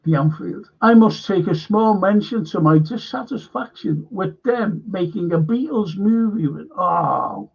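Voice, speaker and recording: A man's voice: high voice, expressive, measured pace, creaky, hardly any pauses, husky. A man hosting a live stream, rambling bluntly and swearing often. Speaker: show host. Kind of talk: casual live-stream chat. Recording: dull lo-fi stream audio.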